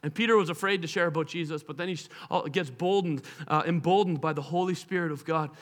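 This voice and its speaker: A man preaching a sermon, telling the story dramatically, acting out the voices of the people in it and slowing down to stretch words for emphasis. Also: on the high side, a bit bright.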